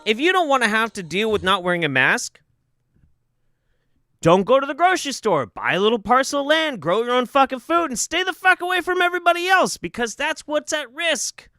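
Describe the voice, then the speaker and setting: A young man streaming live reaction commentary, ranting and swearing, swinging between loud outbursts and muttered asides. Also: fairly high pitch, clear, resonant tone, dry recording, clean studio sound.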